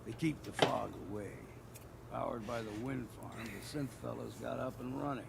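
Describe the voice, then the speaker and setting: An actor playing a gruff, weathered older male island guide in a video game, speaking in a blunt, grudging drawl. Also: medium pitch, moderate pace. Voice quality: gravelly. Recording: game audio under loud background noise.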